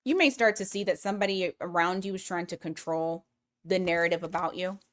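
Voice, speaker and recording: A woman's voice: lowish voice, a little fast. A woman giving a casual weekly tarot reading, blunt and profane, thinking aloud as she pulls cards. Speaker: tarot reader.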